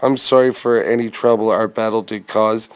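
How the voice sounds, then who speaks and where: A man's voice: lowish voice, little pitch movement, normal speed, smooth, natural voice. A man voicing a jolly old Santa Claus who scolds fighters in rhyme, read from a comic storybook. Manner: jovial, scolding rhymed lines.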